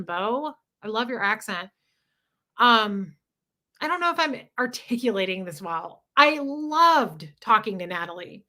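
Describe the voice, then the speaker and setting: A woman's voice: a little high, bright, forceful tone. A young woman hosting a casual livestream, chatting with viewers and reading out their names and comments. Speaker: livestream host.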